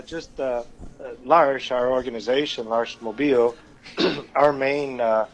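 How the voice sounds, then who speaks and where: A man's voice: medium pitch, rough recording. A man who works for a nonprofit, a guest on a radio talk show, speaking in a friendly way with many fillers. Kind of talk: casual radio interview.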